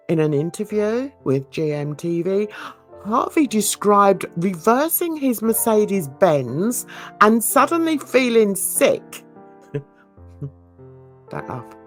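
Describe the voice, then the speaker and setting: A woman with a London accent gives chatty, giggly casual commentary while reading news aloud to her viewers. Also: mid-range voice. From London, England. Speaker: YouTube channel host.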